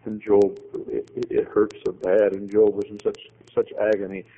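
A man preaching a sermon, telling a story with acted dialogue and swings to loud, high emphatic climaxes. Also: little pitch movement, moderate pace, lo-fi sound.

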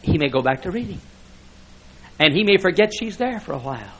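A man's voice: a little high, sing-song, fairly quick, a bit bright, husky, low-quality recording. An older man preaching a folksy sermon full of stories, chuckling often as he talks. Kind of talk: sermon with anecdotes.

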